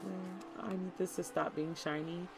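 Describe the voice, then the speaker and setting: A woman streamer chatting casually and excitedly to her viewers while she plays a cozy game, often talking to the game itself. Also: on the low side, measured pace, over music. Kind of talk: casual gaming stream chat.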